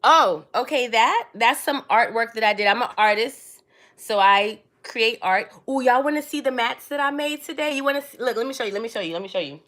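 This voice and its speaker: A woman's voice: on the high side, expressive, a little fast, fairly bright tone. A young adult woman in hosting a casual livestream, talking loosely and rambling with frequent laughs. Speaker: livestream host.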